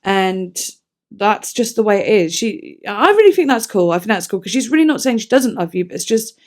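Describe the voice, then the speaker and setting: A woman's voice: mid-range voice, sing-song, a little fast, a little mellow. A woman talking casually through a song review, chatty and enthusiastic, with self-deprecating asides. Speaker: music reviewer.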